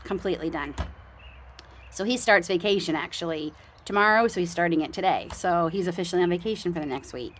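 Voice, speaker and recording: Her voice is lowish and fairly bright, and she talks fairly quickly. She's a middle-aged Canadian homestead vlogger chatting earnestly to camera outside her home, heartfelt and casual, with plenty of ums and false starts.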